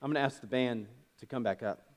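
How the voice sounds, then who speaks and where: In a church, a pastor with a medium-pitched voice speaks fast while preaching a sermon. He retells a story casually, using fillers and correcting himself along the way.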